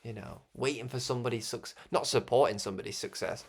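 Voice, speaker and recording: A man with a Scouse accent speaks in a gravelly voice at a middling pitch. He rambles through a reflective monologue, doubling back on his words and chuckling softly between thoughts. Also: quick pace. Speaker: broadcast host.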